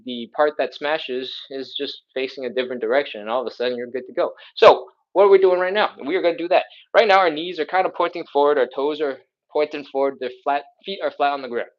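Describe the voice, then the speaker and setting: A man's voice: medium pitch, highs cut off. A man coaching a live follow-along stretching workout, chatty and upbeat, with playful exclamations as he explains each move. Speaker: stretching instructor.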